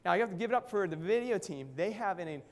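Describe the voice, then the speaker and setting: A man giving an energetic motivational talk at a company event, constantly firing questions at the audience. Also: sits high, fast. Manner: energetic, keeps quizzing the audience. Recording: long hall reverb.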